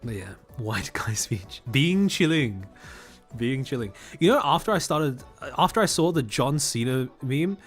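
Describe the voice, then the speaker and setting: A young man from Australia whose first language is Mandarin, chatting casually on a live stream, laughing often and reading out chat messages. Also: medium pitch.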